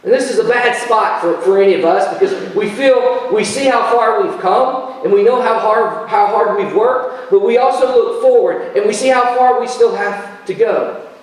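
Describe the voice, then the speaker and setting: A man preaching a sermon as pastor, telling stories at his own expense with lively delivery and frequent repeated phrases. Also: high-pitched, normal speed. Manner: animated, self-deprecating storytelling with repeated phrases. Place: church sanctuary. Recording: very echoey church sanctuary, voice from far off.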